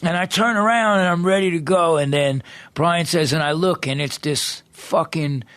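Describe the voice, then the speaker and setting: A man, a podcast guest, telling a profane, street-tough story quickly in a podcast studio. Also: a little high, a bit bright, no room sound. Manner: rapid street-tough anecdote, heavy swearing.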